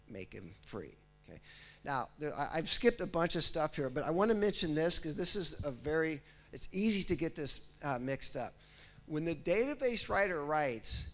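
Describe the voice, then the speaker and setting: A man giving a conference talk. He acts out a computer process in first person and keeps checking in with the audience with "right?" and "okay?". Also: fairly high pitch. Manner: lively, speaks as if he were the process, often checks in with "right?" and "okay?". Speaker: technical presenter. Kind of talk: conference lecture.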